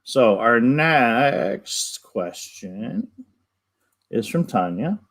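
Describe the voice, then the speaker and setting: A man from the United States co-hosting a live stream, reading viewer comments in a dry, low-key way. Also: very animated, extremely slow, a bit bright. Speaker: co-host reading chat comments.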